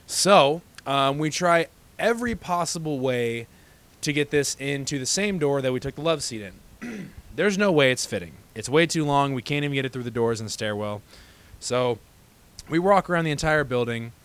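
Young male co-host, mid-pitched everyday voice, rambling storyteller with lots of "uh"s. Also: lively intonation, normal speed, fairly bright tone. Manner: rambling, many "uh"s while telling a long story. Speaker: podcast co-host. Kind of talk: casual podcast chat.

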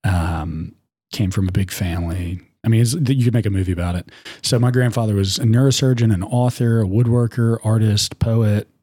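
A man's voice: on the low side, moderate pace, warm tone, breathy edge, dry recording, clean studio sound. A man co-hosting a podcast in casual chat, rambling fondly with lots of fillers. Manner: rambling, filler-heavy, fond storytelling. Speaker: podcast co-host.

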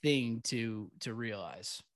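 Podcast guy thinking out loud, soft and hesitant, lots of restarts, mid pitch, dry sound. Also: dry recording. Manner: halting, soft-spoken, many restarts; thoughtful, confessional. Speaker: podcast co-host. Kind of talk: casual podcast chat.

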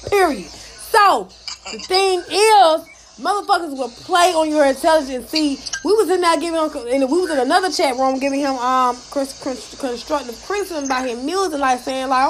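A woman's voice: high voice, a little fast, a little hiss or hum. A woman speaking into a phone in a live audio chat room, telling stories and ranting bluntly with lots of cursing and acted-out quotes. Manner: blunt, heated, animated, heavy cursing, acts out quotes. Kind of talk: casual profane rant and storytelling.

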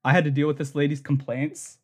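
A young adult man telling a rambling, comic story on a podcast, full of "like" and quick laughs. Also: fairly high pitch, level tone, a little mellow. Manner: rambling, laughs often, heavy use of filler "like". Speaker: podcast co-host. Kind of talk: casual comedic storytelling.

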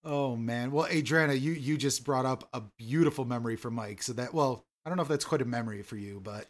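A man co-hosting a podcast, reading listener mail and teasing in a relaxed, easygoing way. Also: mid-range voice, fairly quick. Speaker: podcast co-host. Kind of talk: casual chat.

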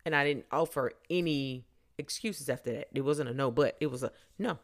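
A woman's voice: very deep voice, fairly quick. A woman hosting a podcast, telling a story in a blunt, sarcastic, dry way. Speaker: podcast host. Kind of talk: casual storytelling.

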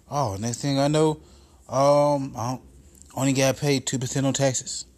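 A man's voice: medium pitch, steady tone, moderate pace, darkish tone. A man hosting a podcast, telling a profane comedic story in a casual monologue that builds into exasperated rants. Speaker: podcast host.

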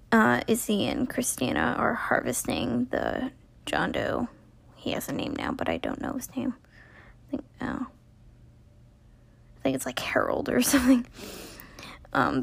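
A woman's voice: medium pitch, creaky, slightly rough, no room sound. A young woman recapping a TV episode in a casual, rambling way, full of "like" and acted-out character lines, sounding tired.

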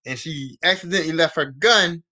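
A man's voice: on the high side, a little fast, sharp tone. Profane, rambling male podcaster. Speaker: podcast host. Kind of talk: casual show recap.

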